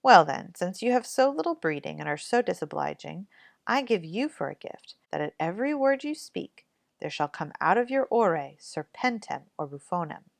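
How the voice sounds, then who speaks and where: A woman voicing a kind fairy who grants gifts, in a soft, gracious manner, for a storybook read-aloud. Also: fairly low pitch, very animated, moderate pace, creaky, dry recording.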